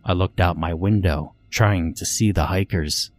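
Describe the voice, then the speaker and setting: A man reading a first-person horror story in a measured, tense way. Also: low voice. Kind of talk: scripted first-person narration. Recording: faint music underneath.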